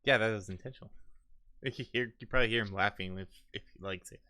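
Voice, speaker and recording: A man's voice: on the low side, fast, sharp tone, no echo. A man narrating as game master of a tabletop game in a loose, filler-heavy way.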